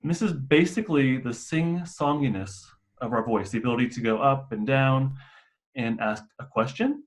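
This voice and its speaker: A man's voice: mid-range voice, moderate pace. A man who works as a mental health clinician, presenting a staff and parent training in a casual, explanatory way with occasional restarts.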